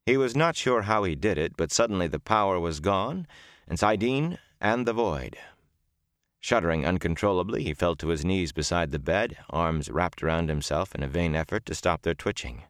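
A man narrating an audiobook in a measured, dramatic storytelling manner. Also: extremely low pitch, lively intonation, no echo, studio quality. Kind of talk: scripted narration.

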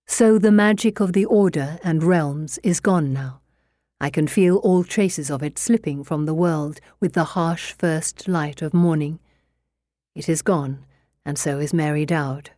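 A woman narrating an audiobook in an expressive storytelling way. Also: low voice, a little slow, no room sound, studio quality.

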